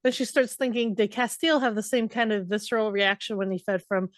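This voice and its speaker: A woman's voice: mid-range voice, fairly quick, no echo, studio quality. Chatty woman co-hosting a podcast. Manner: chatty, hesitant, with frequent likes and asides. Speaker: podcast co-host. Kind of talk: casual book recap chat.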